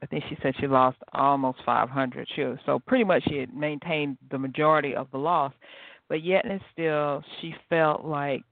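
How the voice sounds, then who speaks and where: A woman hosting a podcast on her own, chatting in a lively way and laughing often. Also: low voice, normal speed, creaky, no room sound. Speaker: podcast host. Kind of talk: casual solo talk. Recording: tinny phone-like sound.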